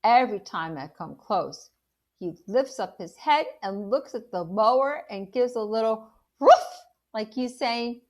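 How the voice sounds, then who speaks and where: A woman, a teacher, reading a children's novel aloud in an animated storytelling way and stopping to ask the listener questions about the story. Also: a little high, unhurried.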